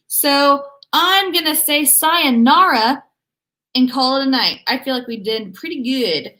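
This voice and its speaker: A woman's voice: sits high, bright, forceful tone. A young woman hosting a writing livestream, chatting casually and bubbly with viewers. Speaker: writing channel host. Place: home room. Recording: echoey room.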